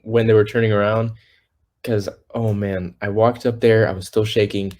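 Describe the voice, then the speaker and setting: A teenage boy with a lowish voice talks through his story in loose, rambling chat. He leans on fillers and restarts, breaking into little voices when he quotes people. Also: little pitch movement, moderate pace, a little mellow. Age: teens. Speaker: guest singer. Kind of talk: casual interview.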